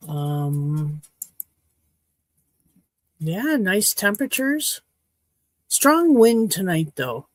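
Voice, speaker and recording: A woman from Saskatchewan hosting a casual livestream chat at home, rambling and frank, her throat a little hoarse. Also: on the low side, no echo. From Saskatchewan, Canada. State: slightly hoarse throat after choking. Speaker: livestream host. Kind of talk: casual chat to a live audience.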